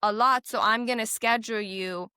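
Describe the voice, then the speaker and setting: A woman's voice: a little high, moderate pace, clean tone, no room sound, studio quality. A young woman, a heart patient and interview guest, talking emotionally and on the edge of tears, with lots of fillers. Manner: tearful, animated, many "like" fillers, acts out quoted doctors. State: teary.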